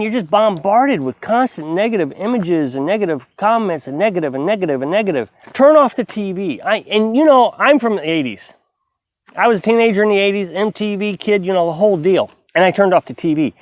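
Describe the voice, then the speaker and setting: Man in his fifties, vlogger, lively high voice, dry close sound, preachy pep-talk delivery. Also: no echo. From United States. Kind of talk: casual talk to camera.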